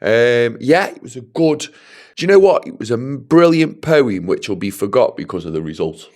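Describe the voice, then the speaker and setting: Teasing, lively podcast co-host man. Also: mid-range voice, normal speed. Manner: teasing, jokey banter. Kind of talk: casual chat.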